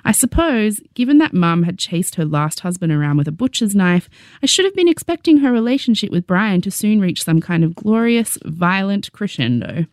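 A young adult woman with an Australian accent narrating her memoir with wry, deadpan humor. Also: medium pitch, moderate pace, no echo, studio quality.

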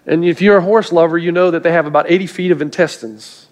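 A man's voice: on the high side, fast talker, hardly any pauses. A middle-aged male pastor preaching a sermon to a live congregation, telling stories earnestly with light humor. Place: church before a live congregation.

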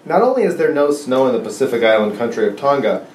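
A man's voice: mid-range voice, big pitch swings, fast talker, darkish tone. A man guest on a podcast, chatting casually with wry, joking asides. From United States. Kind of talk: casual chat. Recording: roomy sound with faint background noise.

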